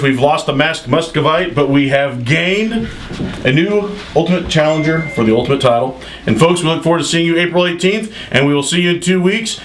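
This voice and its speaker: A man's voice: fairly high pitch, a bit bright, slight background noise, rough recording. A man hosting a wrestling recap show, with announcer-style hype. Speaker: show host.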